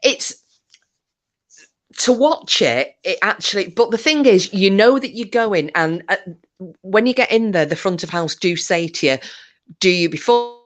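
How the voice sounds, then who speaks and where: A woman's voice: mid-range voice, expressive, unhurried. A middle-aged woman, chatting casually to her live stream viewers in a rambling way with frequent laughs.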